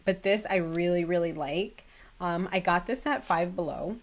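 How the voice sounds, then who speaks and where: Casting note: young woman beauty vlogger, a bit lower in pitch, chatty, gushing, loose delivery. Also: moderate pace. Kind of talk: casual chat.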